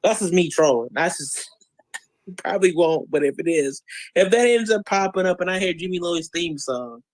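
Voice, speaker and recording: A man in casual podcast chat, rambling and joking, who breaks into loud mocking voices when he imitates fans. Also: sits high, animated, normal speed, no echo, poor audio. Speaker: podcast guest.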